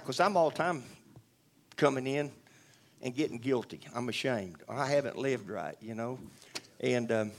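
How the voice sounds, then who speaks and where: A man giving a rambling, earnest spoken testimony to a church audience, full of restarts and asides. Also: mid-range voice.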